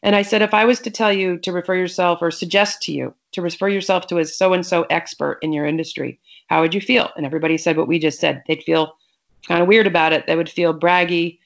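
Woman with a lowish voice coaching on a podcast, kinda muffled lo-fi sound. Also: steady tone, quick pace, vocal fry. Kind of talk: conversational podcast interview. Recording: muffled lo-fi audio.

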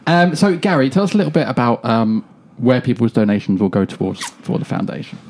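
A man's voice: medium pitch, big pitch swings, fast talker, darkish tone. Man, podcast host, casual chat, laughs a lot. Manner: chatty, laughs easily.

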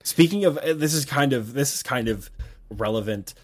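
A man's voice: mid-range voice, moderate pace. Ranting male gaming podcaster. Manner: animated, ranting, mock-imitates beggars. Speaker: co-host, streamer. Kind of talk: casual gaming podcast chat.

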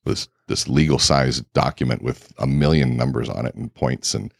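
A man guest in a casual interview, telling lively anecdotes full of quoted dialogue. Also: very deep voice, moderate pace, creaky, dry recording, clean studio sound. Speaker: keynote speaker and guest.

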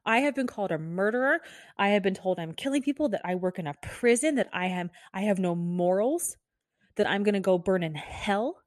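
A woman's voice: mid-range voice, no room sound, clean studio sound. A woman who works as a nurse, venting in an exasperated, frazzled, emphatic monologue.

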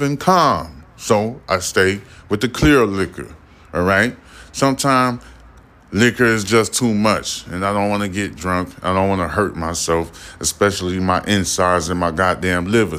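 Deep-voiced profane man ranting on news. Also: fairly bright tone. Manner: rambling, blunt, profane, lecturing. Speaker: podcast host. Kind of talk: casual news commentary podcast.

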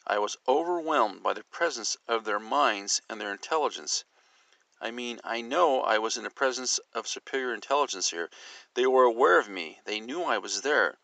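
A man reading an account aloud and then musing on it, in a measured, speculative storytelling manner. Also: medium pitch, animated, gravelly, sharp tone, dry recording.

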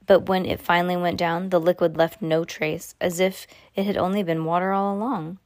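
A woman reads a novel aloud in a low voice, now and then tripping over a phrase and starting it again. The sound is dry and close to the mic, with no room around it. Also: flat delivery, moderate pace, darkish tone, dry recording. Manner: unpolished reading with frequent slips and restarts. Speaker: reader.

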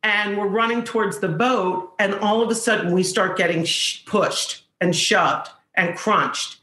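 A woman, an actress guest, telling an animated behind-the-scenes story with quick quoted lines. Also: medium pitch, reverberant, low-quality recording. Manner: fast storytelling with quoted voices. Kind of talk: animated anecdote.

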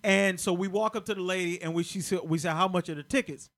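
A man telling a comic story in a podcast chat, laughing, swearing and acting out other people's voices. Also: fast. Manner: loud laughing delivery with sudden pitch jumps. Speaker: comedian guest.

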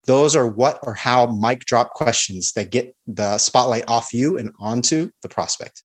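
A man's voice: mid-range voice, a little slow. A man explaining sales techniques with confidence, walking through the steps of a call. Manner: confident, instructive, acts out sample calls. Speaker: sales expert guest.

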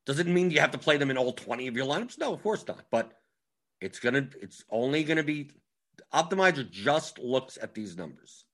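A man's voice: fairly high pitch, bright, forceful tone. A man giving a casual tutorial on fantasy sports strategy, talking emphatically with frequent restarts.

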